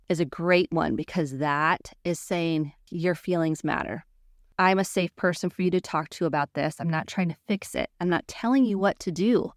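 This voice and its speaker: A woman's voice: fairly low pitch, moderate pace, no room sound, clean studio sound. A woman therapist hosting a podcast, teaching communication skills in an earnest, coaching monologue and acting out sample phrases.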